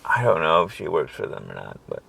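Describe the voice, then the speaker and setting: A man's voice: rumbling low, huge pitch swings, fairly quick, gravelly, a bit bright, slight background noise. A man hosting a podcast, telling a meandering, profane comic monologue with chuckling asides, taped on a handheld recorder in a parked car at night. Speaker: podcast host. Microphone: handheld portable recorder.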